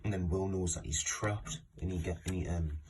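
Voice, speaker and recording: A man's voice: sits low, steady tone, normal speed, a little mellow, slight background noise. A man retelling a comic story in a casual spoken review, rambling with many "like" and "and then" restarts. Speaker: fan forum moderator reviewing comics.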